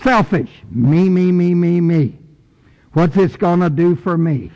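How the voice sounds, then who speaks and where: A middle-aged man preaching a sermon emphatically, rising loud and dropping soft. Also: sits high, slow, dull audio. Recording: long church reverb.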